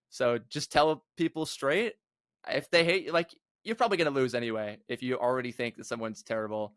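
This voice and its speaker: A man's voice: medium pitch, a little fast, fairly bright tone, dry recording, studio quality. A young man, a guest on a gaming podcast, talking bluntly and casually with lots of filler words. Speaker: guest, competitive gamer.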